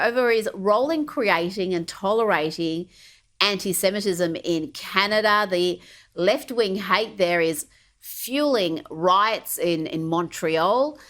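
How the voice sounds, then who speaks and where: Woman, TV news anchor, measured and even. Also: on the low side. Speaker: news presenter. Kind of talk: TV news talk.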